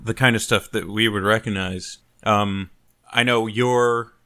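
A man's voice: lowish voice, fairly even intonation, measured pace, sharp tone. A man hosting a casual podcast chat, chatty and jokey. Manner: chatty, jokey, playful put-on voices. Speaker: podcast host.

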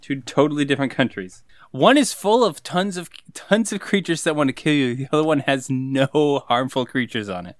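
A man's voice: medium pitch, animated, moderate pace, no echo, clean studio sound. A man co-hosting a casual movie podcast, easygoing and hesitant, with many fillers. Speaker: podcast co-host.

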